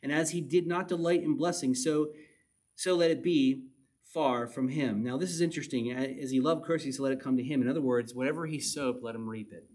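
A man teaching verse by verse from the Bible, reading passages aloud and then explaining them in a relaxed, conversational way. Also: mid-range voice, fairly quick. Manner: reads scripture then explains it conversationally, with little chuckles.

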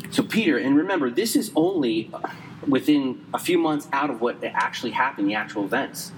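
A man preaching a sermon conversationally, quick in places and slow and emphatic in others, saying he is losing his voice. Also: medium pitch, animated, long reverb tail, a little hiss or hum, low-quality recording. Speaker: pastor.

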